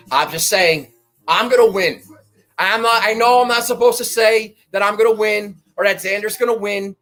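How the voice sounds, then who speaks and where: A man hosting a golf betting show, ranting defiantly and swearing, swinging from low muttering to shouts. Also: poor audio. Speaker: golf betting podcast host. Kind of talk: fired-up monologue.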